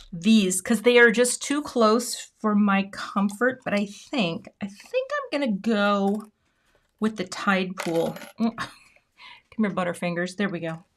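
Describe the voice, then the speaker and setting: Woman, from the United States, live craft stream host, casual chat, self-deprecating, faint background noise. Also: mid-range voice. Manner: chatty, self-deprecating, greets viewers by name. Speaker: card-making livestream host.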